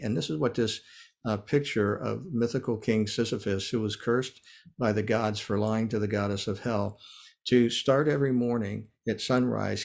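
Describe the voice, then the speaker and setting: A middle-aged man with an American accent giving a keynote lecture in a measured, earnest way, pausing on fillers and restarting phrases. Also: lowish voice, creaky, darkish tone. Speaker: keynote speaker.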